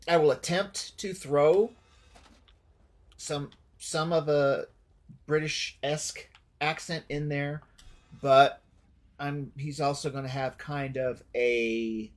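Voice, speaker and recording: A man streaming a game, giving casual commentary while rambling and correcting himself as he thinks aloud. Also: mid-range voice.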